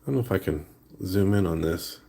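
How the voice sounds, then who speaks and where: A man with a lowish voice talks through his sculpting work in a casual vlog. His delivery is relaxed and meandering, with the offhand flow of someone busy with his hands. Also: a little fast, vocal fry. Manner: relaxed, rambling talk while working with hands. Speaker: art vlogger. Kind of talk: casual chat while sculpting. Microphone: new phone.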